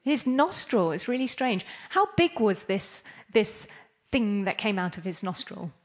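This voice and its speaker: A woman's voice: medium pitch, very animated, measured pace. A woman giving an interactive scripture class, playful and laughing often as she quizzes her listeners. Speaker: class speaker.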